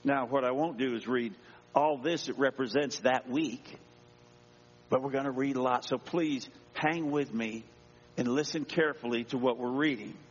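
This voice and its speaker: Pastor preaching with dramatic voices, slightly breathy, echoing church hall. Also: male voice, mid-range voice, normal speed. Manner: dramatic, acting out voices from scripture. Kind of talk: sermon. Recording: dull echoey church sound.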